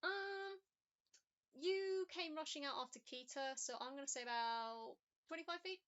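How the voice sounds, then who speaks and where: A woman running a tabletop game as game master, narrating in an animated, chatty way with plenty of ums. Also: high-pitched, moderate pace, dull audio.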